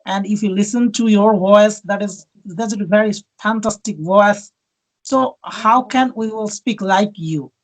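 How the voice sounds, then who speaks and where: A host interviewing guests on a video call, speaking polite, grateful, halting English with many fillers, as a non-native speaker. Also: medium pitch, rough recording. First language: not English.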